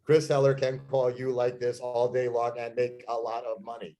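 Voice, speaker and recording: A man's voice: mid-range voice, level tone, normal speed, background noise. A man talks real estate sales in an intense, emphatic way. He speaks plainly and drives each point home, like a trainer coaching a room. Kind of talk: motivational sales talk.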